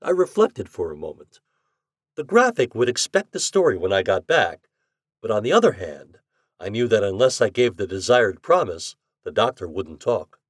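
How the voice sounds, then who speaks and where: A man narrating a first-person story in an audiobook, with low subdued asides. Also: big pitch swings, moderate pace, dry recording, clean studio sound.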